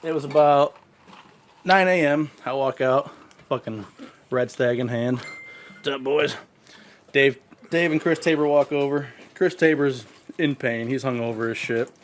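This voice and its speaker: A man's voice: mid-range voice, unhurried, long pauses. A man co-hosting a casual podcast, telling rambling, profane stories and laughing through them. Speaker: podcast co-host. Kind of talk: casual storytelling chat.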